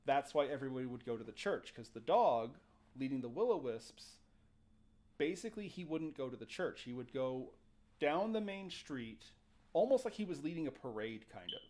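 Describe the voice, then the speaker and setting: A man with a mid-range voice hosts a casual podcast, telling a ghost story at a normal speed. He's animated and jokey, acting out the quotes as he goes.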